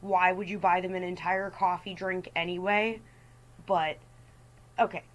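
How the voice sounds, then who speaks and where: A woman's voice: fairly low pitch, level tone, unhurried, dull audio. A woman hosting a storytime rant as a voice-over, talking in an exasperated way and mimicking the people in her stories. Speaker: storytime host.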